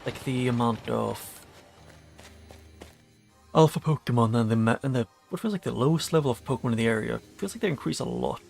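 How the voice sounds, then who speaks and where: A man's voice: medium pitch, fairly quick, gravelly, darkish tone, faint music behind. A man streaming a video game, chatting casually and reading the game's dialogue aloud. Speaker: gaming streamer. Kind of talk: casual let's-play commentary.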